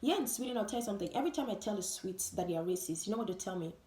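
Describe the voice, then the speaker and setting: A woman's voice: medium pitch, expressive, very fast, a little mellow. A woman vlogger giving an emphatic, repetitive monologue full of rhetorical questions. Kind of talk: opinion vlog monologue. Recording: roomy echo.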